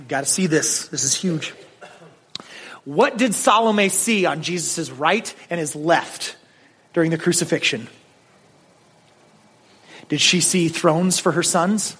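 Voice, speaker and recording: Emphatic high-voiced male preacher. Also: fairly bright tone. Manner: emphatic, conversational, many "like"s; addresses listeners directly. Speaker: pastor. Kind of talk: sermon.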